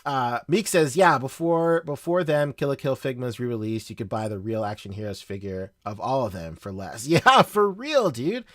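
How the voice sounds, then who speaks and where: A man's voice: medium pitch, expressive, normal speed, hardly any pauses, fairly bright tone, no room sound, studio quality. A man in his thirties from the Philippines, with a Southern US accent, hosting a casual livestream and chatting in a rambling way, laughing often and swearing freely. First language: Tagalog. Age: 30s. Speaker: livestream host.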